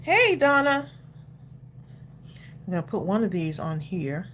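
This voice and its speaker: A woman's voice: medium pitch, sing-song, measured pace, a bit bright, a little hiss or hum. A woman hosting a crafting livestream who chats casually, encourages viewers and laughs often. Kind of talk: casual live-stream chat.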